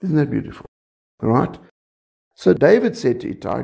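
A man's voice: fairly high pitch, big pitch swings, moderate pace, gravelly, mellow. A man preaching a sermon, talking conversationally and often checking in with the congregation.

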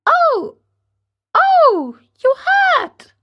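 A tiny, childlike voice from inside a block of firewood, squeaking far above her normal range. It pleads and giggles with a thin, distant sound, like a storybook creature. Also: very animated, drawn-out words, muffled recording, full character voice. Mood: pleading. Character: tiny weeping childlike voice inside a wooden log.

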